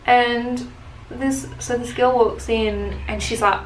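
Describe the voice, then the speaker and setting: A woman's voice: fairly high pitch, takes it slowly. Young woman, chatty makeup vlogger, lots of ums and likes, roomy echo, faint hiss. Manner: chatty, many fillers, animated retelling. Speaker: beauty vlogger. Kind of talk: casual get-ready-with-me storytelling. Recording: echoey room with faint hiss.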